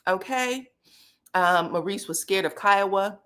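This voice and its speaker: A woman's voice: mid-range voice, normal speed. A woman hosting a casual live stream, recapping a reality show with sassy, profane commentary and talking to her chat. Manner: animated, sassy, profane, quotes people in put-on voices.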